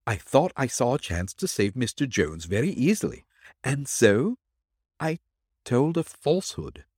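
A man's voice: mid-range voice, big pitch swings, measured pace, a little mellow, breathy edge, no room sound, studio quality, pitched above the performer's own voice. A man voicing a frightened male witness confessing his story in an audiobook. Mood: confessional.

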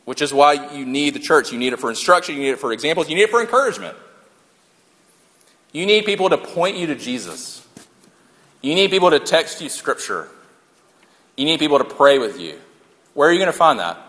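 A man's voice: a little high, sing-song, fairly quick, long pauses, a bit bright. A man preaching a sermon in a conversational way, repeating key lines for emphasis and joking along the way. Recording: long hall reverb.

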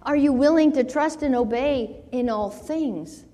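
Woman preacher, mellow and unhurried, in a church with long reverb. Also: sits high. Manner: slow earnest preaching, rising to pleading in quoted scripture. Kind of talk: sermon.

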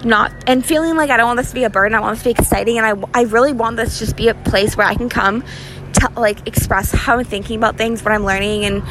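Young woman, podcast host, casual rambling talk, raised pitch, gravelly fry, walking down a city street, faint traffic and sirens behind her. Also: fast talker, fairly bright tone, poor audio. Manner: rambling, candid, laughs often. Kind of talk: casual solo podcast episode. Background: sirens, cars, restaurant fan.

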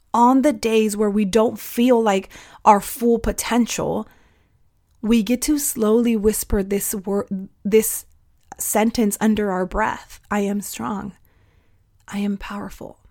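A young adult woman hosting a podcast, giving a heartfelt, encouraging pep talk to her listeners. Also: medium pitch. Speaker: podcast host.

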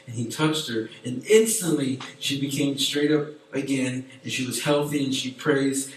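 A man preaching to a youth group in a chatty, animated way with many fillers. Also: medium pitch, normal speed, few pauses, slight background noise. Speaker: youth pastor. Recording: echoey room from far off.

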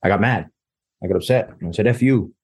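Deep husky man telling stories. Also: quick pace. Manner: rambling, quotes others in dialogue. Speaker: interview guest. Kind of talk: casual personal storytelling.

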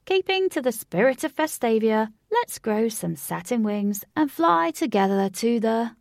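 A woman's voice: fairly high pitch, big pitch swings, unhurried, gravelly, no echo, clean studio sound, heavily acted. A woman voicing a small, suave, self-assured man who talks with a cool, slangy swagger.

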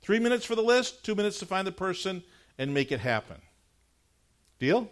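A middle-aged man preaching from the pulpit, slipping easily into chatty, story-driven talk full of casual fillers. His pitch sits a touch high and leaps around a lot, rising sharply at the funny moments and settling lower for the earnest parts. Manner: animated conversational storytelling, frequent "like" fillers; earnest, measured prayer closing the sermon. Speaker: pastor. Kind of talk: sermon with personal anecdote.

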